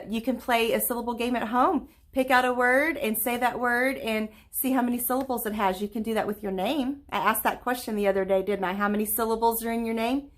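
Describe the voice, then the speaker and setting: Encouraging woman teaching young children. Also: mid-range voice. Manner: slow, clear, encouraging, with frequent check-in questions; claps and stretches words into syllables. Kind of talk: virtual lesson for young children.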